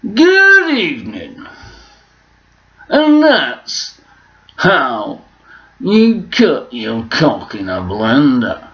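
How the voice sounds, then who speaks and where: A man's voice: medium pitch, wildly swooping pitch, extremely slow, pauses often, sharp tone, voice pushed up, exaggerated voice. A man doing an impression of a TV car presenter, drawling and hanging on his words. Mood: dramatic drawl. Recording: dull lo-fi recording.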